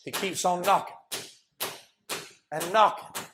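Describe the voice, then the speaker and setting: A man preaching a sermon as an impassioned storyteller who often shouts. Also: high voice, moderate pace, long pauses.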